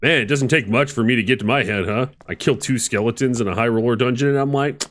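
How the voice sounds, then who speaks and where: A man streaming a game, giving casual, excitable commentary with swearing and bursts of laughter. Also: medium pitch, fast talker, few pauses, a little hiss or hum.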